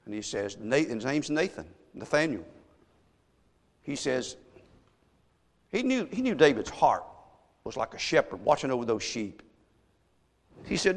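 A male pastor preaching a sermon, telling a story and swinging from hushed asides to shouted emphasis. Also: medium pitch, very animated, unhurried, long pauses. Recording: long echo of a large hall.

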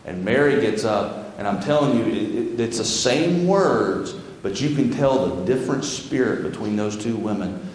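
In a church sanctuary full of long reverb, a pastor preaches to his congregation in a folksy, chatty way, alternating his own comments with scripture read aloud. His voice sits on the low side and is darkish and animated, moving at normal speed with few pauses over slight background noise.

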